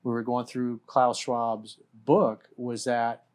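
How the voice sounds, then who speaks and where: A man's voice: medium pitch, little pitch movement, slow pace, a little mellow. A man hosting a casual discussion, talking bluntly and emphatically, swearing freely. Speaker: host.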